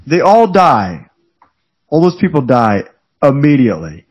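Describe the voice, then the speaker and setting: A man's voice: medium pitch, sing-song, unhurried, husky, dull audio. A man co-hosting a podcast, bluntly and profanely recapping a movie in casual chat, laughing often. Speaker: podcast co-host.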